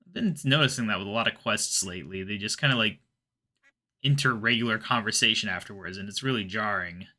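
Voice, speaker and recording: A man giving relaxed, rambling commentary while playing a game, often muttering to himself. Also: on the low side. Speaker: gaming video host. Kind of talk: casual gameplay commentary.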